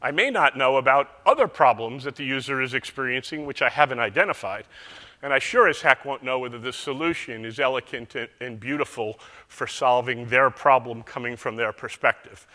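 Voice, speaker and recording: A man's voice: mid-range voice, fairly quick, pushed and bright. A man giving a conference keynote, telling folksy stories to make his points, recorded on a stage microphone in a large hall. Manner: folksy storytelling with metaphors. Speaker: keynote speaker.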